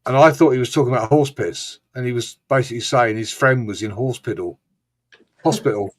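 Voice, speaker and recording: A man's voice: mid-range voice, a little fast. A man hosting a casual live-stream chat, rambling, swearing freely and mimicking regional accents. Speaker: host.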